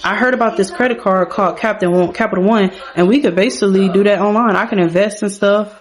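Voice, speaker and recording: A woman's voice: mid-range voice, fast, slight background noise, lightly acted. A woman voicing a cheerful, headstrong young adult daughter in a life-sim game, talking with sassy, casual slang.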